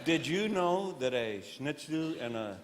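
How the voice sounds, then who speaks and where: Male stand-up comic, lively delivery, chats with the audience, recorded in a reverberant hall. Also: on the high side, unhurried. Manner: chats with the crowd, questioning audience members; shifts between earnest preaching and loud comic bits. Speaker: comedian. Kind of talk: live stand-up comedy. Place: stage before a live audience. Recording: long hall reverb, faint noise.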